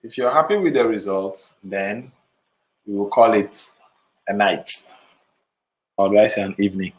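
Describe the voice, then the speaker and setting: A man's voice: on the low side, measured pace, low-quality recording. A man hosting a live photo retouching stream, chatting casually with viewers while sleepy and yawning. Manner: relaxed, sleepy, talks to chat viewers. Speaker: photo retouching livestream host. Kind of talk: casual livestream chat.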